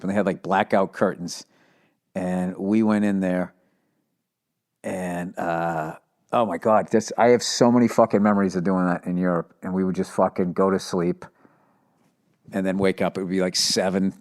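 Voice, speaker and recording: A man's voice: low-pitched, steady tone, moderate pace, darkish tone. A man hosting his own podcast, rambling loosely and swearing as he tells stories. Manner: loose, profane, storytelling. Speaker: podcast host. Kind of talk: casual solo rambling.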